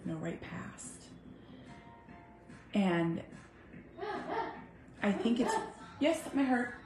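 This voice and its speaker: A woman in her thirties, a mother talking heartfelt and earnest to her viewers, swinging from soft to emphatic. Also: on the low side. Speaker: vlogger, mother. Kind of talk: heartfelt casual talk to camera. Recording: echoey room with faint music.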